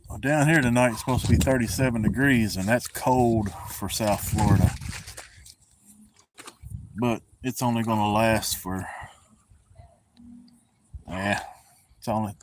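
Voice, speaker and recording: A man's voice: fairly low pitch, steady tone, a little slow, long pauses, noisy background. A man with a Southern US accent hosting a casual fishing livestream outdoors, talking in a folksy, laid-back way. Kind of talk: casual live-stream chat. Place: outdoors by a pond.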